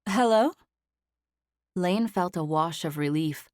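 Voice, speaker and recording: In clean studio sound without echo, a lowish-voiced woman narrates an audiobook from a script, keeping her storytelling measured and even.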